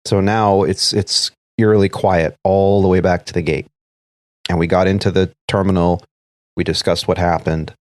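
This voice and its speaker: A man's voice: sits low, little pitch movement, normal speed, no echo, studio quality. A man, an airline first officer, telling a story from work in a casual podcast chat, acting out the radio calls as he goes. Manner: recounts events step by step, acting out quoted radio calls.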